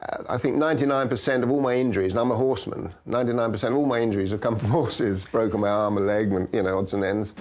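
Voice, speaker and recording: A man's voice: lowish voice, fast, hardly any pauses. Older man telling stunt stories. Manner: lively storyteller, acts out quoted dialogue. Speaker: stunt coordinator guest. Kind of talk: anecdotal interview storytelling.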